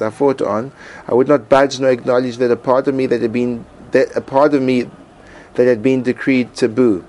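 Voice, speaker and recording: A man's voice: medium pitch, level tone, a little mellow, slight background noise, low-quality recording. Earnest man reading a personal essay. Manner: earnest, emotive, dramatic pauses. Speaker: Torah teacher.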